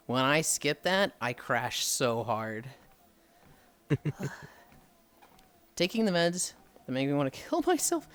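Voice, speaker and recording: Male streamer, Midwestern American accent, slightly high voice, loose and profane chat with viewers. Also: a bit bright, clean tone. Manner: rambling, swears freely, answers chat messages aloud.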